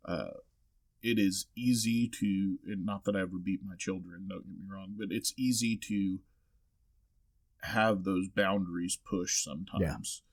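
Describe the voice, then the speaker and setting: A man with a fairly low voice chatting on a podcast, relaxed and thoughtful as he weighs in. The sound is close and dry, with no room around it. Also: measured pace, no room sound. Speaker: podcast co-host. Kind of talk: casual chat.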